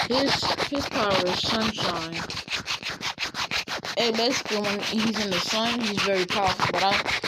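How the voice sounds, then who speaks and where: A woman's voice: medium pitch, very noisy. A young woman casually retelling a fan-made story, rambling with lots of fillers and self-corrections.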